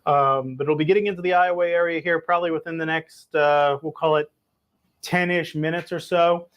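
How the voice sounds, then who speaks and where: A slightly hoarse man, a meteorologist, giving a relaxed, conversational live weather briefing and answering viewer reports. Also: fairly high pitch, brisk. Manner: relaxed, conversational, plenty of filler words. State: hoarse, losing his voice.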